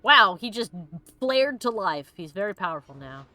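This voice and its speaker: A woman's voice: mid-range voice, big pitch swings, moderate pace, sharp tone. A woman streamer giving casual gameplay commentary, bubbly and joking, laughing often and acting out the characters' lines. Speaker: let's play streamer.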